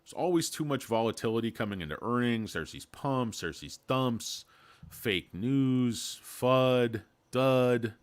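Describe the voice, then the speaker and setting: A man's voice: mid-range voice, expressive, slow, clear, resonant tone. A man hosting a casual stock market video, rambling and irreverent with crude jokes, tired from lack of sleep.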